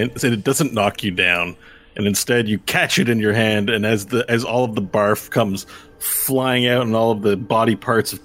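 A man running a tabletop game as game master, narrating the scene with animated, laughing storytelling. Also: lowish voice.

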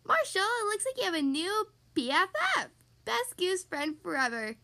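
A woman's voice: extremely high pitch, very animated, normal speed, bright, forceful tone, pitched above the performer's own voice, heavily acted. A woman doing a playful teasing puppy girl. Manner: joking, teasing. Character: playful, teasing young female pup. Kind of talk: storybook reading for kids.

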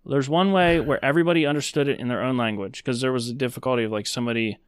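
A man's voice: mid-range voice, steady tone, racing, clean tone, no echo, studio quality. A man co-hosting a podcast, chatting casually and rambling with lots of fillers. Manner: rambling, conversational, many fillers. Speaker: podcast co-host.

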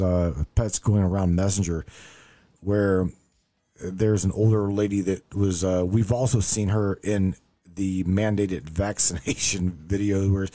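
A man hosts a podcast, reading the news aloud with profane, sarcastic, rambling commentary in a casual style. His voice is lowish and mellow.

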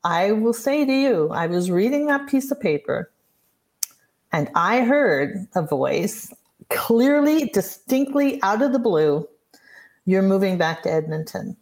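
A woman's voice: a little high, sing-song, takes it slowly, darkish tone. A woman in her sixties, a business coach, telling personal stories in an earnest, reflective way as a podcast guest. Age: 60s. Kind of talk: podcast interview, storytelling.

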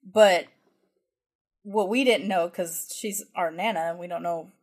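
A woman's voice: lowish voice, unhurried. A woman from the United States co-hosting a podcast, telling a family story in casual chat with lots of restarts and fillers. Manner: rambling, full of restarts and fillers. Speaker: podcast co-host.

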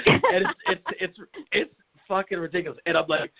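A man hosting a podcast, telling a story in a loose, animated way, swearing often and laughing mid-sentence, on a dull lo-fi recording. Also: on the high side, a little fast, vocal fry, background noise. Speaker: podcast host. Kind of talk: casual storytelling chat.

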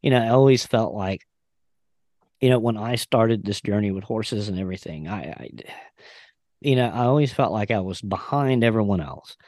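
A man's voice: lowish voice, moderate pace, a little mellow, no echo, clean studio sound. A man in his thirties hosting a podcast, casual, folksy and easygoing, with jokes mixed into the chat. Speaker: podcast host.

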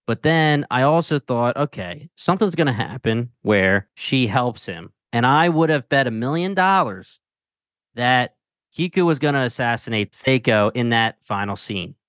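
A man co-hosting a casual podcast discussion, relaxed and thinking aloud. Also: mid-range voice, normal speed, no echo. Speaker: podcast co-host.

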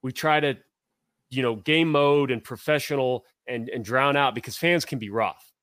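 A man's voice: medium pitch, normal speed, fairly bright tone, dry recording, clean studio sound. A man from Tennessee and Ohio, co-hosting a casual sports chat, rambling through long stories and often stopping to restart. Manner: rambling, storytelling, self-interrupting. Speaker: podcast co-host.

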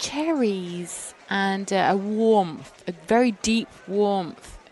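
A woman's voice: medium pitch, slow pace, darkish tone. A woman co-hosting a casual podcast chat, teasing and giggly. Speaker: podcast co-host.

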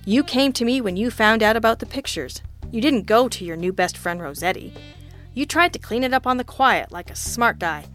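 A woman's voice: on the high side, animated, normal speed, fairly bright tone, faint music behind. A woman reading an audiobook, voicing a grim male private investigator who needles and pushes without letting up. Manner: dry, pushing, needling.

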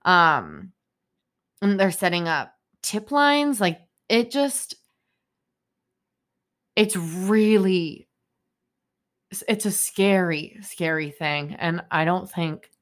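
Woman podcast host, low voice, slow delivery, rambling with lots of ums, indignant and emotional. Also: animated. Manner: rambling stream of consciousness with many fillers; upset and indignant. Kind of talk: solo podcast monologue. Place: home in Boston.

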